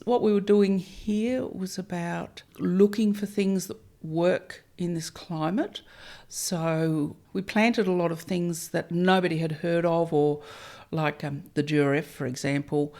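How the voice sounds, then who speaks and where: A middle-aged winemaker from Melbourne, Australia, is a guest answering interview questions. Her voice is on the low side and darkish, and she comes across chatty and self-deprecating, with small hesitations.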